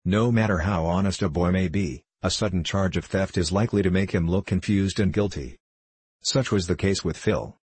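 Deep husky male audiobook narrator. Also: normal speed, a little mellow, no echo. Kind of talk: scripted narration.

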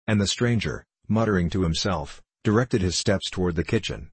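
A man narrating a classic novel in a measured, formal storytelling manner. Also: low-pitched, lively intonation, husky, no echo. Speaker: audiobook narrator.

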